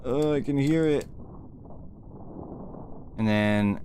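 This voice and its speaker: A man's voice: medium pitch, slow, dark tone, slight background noise. A young man streaming a game, talking nervously to himself and his chat and swearing as he plays. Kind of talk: gaming livestream commentary.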